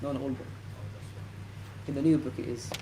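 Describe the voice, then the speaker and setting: A man's voice: medium pitch, fairly even intonation, a little fast, roomy sound, crowd noise. A man reading aloud as a student in a class, a little hesitant. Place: mosque classroom.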